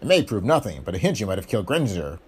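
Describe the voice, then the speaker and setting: A man's voice: fairly low pitch, very animated, very fast, a little mellow, husky, voice pushed down, exaggerated voice. A man voicing a tough, wisecracking male private eye who throws out sardonic, cocky jabs.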